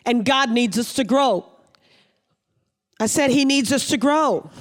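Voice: mid-range voice, a little slow. Pastor delivering a sermon, emphatic and repetitive, reads scripture then explains it. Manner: emphatic preaching with repeated phrases.

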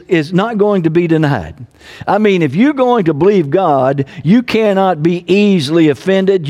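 A man's voice: high voice, darkish tone. A man preaching a sermon as pastor, earnest, with repeated phrases and fillers. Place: home.

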